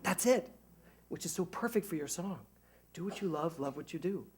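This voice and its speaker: Husky-voiced minister preaching with animated humor. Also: male voice, fairly high pitch, normal speed. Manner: animated, jokey, self-mocking. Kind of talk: conversational sermon. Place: church service before a congregation.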